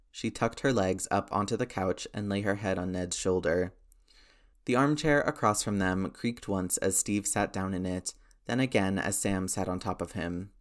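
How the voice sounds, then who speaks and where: A man narrating a story aloud in a steady storytelling manner. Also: sits low. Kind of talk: audiobook narration of fan fiction.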